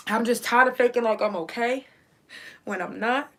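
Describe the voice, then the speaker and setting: A woman hosting her own show talks through a personal story in a casual, unfiltered monologue. Her speech is blunt and full of swearing. She is clearly in pain and struggling not to cry. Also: a little high, measured pace. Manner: blunt, profane, emotional, in pain. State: in pain, near tears. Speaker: podcast host.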